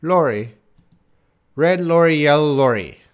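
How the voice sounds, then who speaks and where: A man's voice: on the high side, animated, unhurried, clean tone. A man giving a casual live-stream lesson, chatting to viewers by name and laughing at his own slips. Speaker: English teacher.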